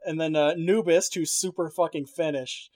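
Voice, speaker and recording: Man, higher-pitched, rambling, profane, lots of "like", casual podcast chat. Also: steady tone, normal speed, a little mellow, no room sound. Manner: rambling, profane, many fillers and restarts. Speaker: podcast co-host.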